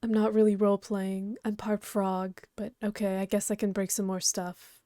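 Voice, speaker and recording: Woman playing a quiet ghost girl, deadpan, flat delivery, dry sound. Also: mid-range voice, normal speed, no room sound, close to an everyday voice. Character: calm deadpan ghost girl, part frog. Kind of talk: reading a webcomic aloud with voices.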